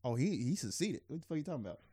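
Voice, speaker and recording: A man's voice: mid-range voice, big pitch swings, rapid-fire, warm tone, slightly rough, no echo, studio quality. A man co-hosting a podcast in casual chat, swearing freely, laughing often and restarting his sentences. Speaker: podcast co-host.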